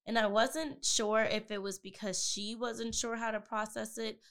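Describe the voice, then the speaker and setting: Gravelly-voiced woman in casual chat. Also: on the high side, unhurried. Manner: animated, reenacts conversations. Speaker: podcast co-host.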